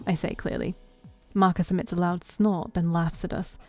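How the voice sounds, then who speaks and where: Low mellow-voiced woman reading a story. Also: normal speed, soft background music. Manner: expressive first-person narration with self-corrections. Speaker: streamer. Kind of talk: reading a story game aloud.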